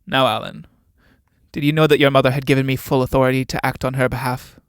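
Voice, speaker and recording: A man's voice: mid-range voice, little pitch movement, quick pace, no echo, clean studio sound, close to an everyday voice. A man playing a domineering middle-aged army captain with a patronizing, overbearing manner.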